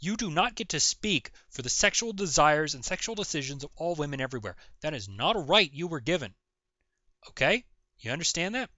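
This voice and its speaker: A man's voice: fairly high pitch, very animated, fairly quick, sharp tone, dry recording. A man ranting sarcastically in a reaction video, mocking and exasperated, swearing often. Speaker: video commentator. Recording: dull lo-fi recording.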